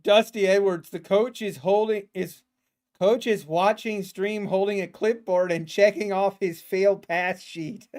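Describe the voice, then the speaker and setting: A man with a high-pitched voice talks slowly and loosely through a live trading stream. He teases the market in a sarcastic, playful tone and breaks into laughs often. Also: fairly even intonation, darkish tone. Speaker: day trader streaming live. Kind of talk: casual livestream commentary.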